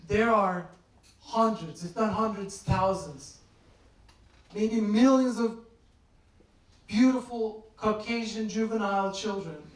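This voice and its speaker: A man from Turkey performing stand-up on a club stage, deadpan and teasing the audience with mock-serious questions. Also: high-pitched, slight background noise. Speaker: stand-up comedian. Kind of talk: stand-up crowd work. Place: comedy club stage before a laughing crowd. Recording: roomy live recording from a distance, crowd audible.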